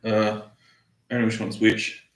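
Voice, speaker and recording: An Australian man explaining video clips in an easygoing, halting way during a casual home livestream. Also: on the low side, completely flat delivery, fairly bright tone, reverberant, rough recording. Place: room at home with dogs.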